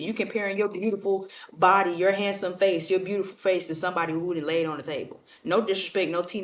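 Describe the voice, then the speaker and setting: A woman doing a casual tarot reading, blunt and profane in a motivational way. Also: lowish voice. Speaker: tarot reader. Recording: roomy echo, mic at a distance.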